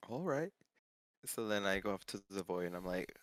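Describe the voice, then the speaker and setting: A man's voice: low-pitched, animated, normal speed, no room sound. A man playing in a tabletop game, joking and laughing often in casual chat. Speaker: player.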